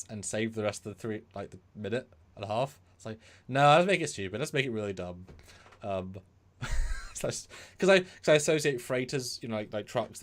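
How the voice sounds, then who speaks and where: A man co-hosting a casual livestream, telling a silly story in a rambling, animated way. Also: lowish voice. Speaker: co-host.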